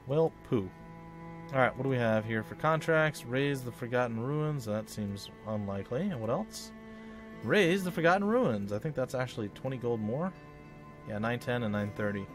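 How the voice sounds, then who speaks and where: A man giving casual, rambling, self-mocking commentary while playing a video game at home. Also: mid-range voice. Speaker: let's play host.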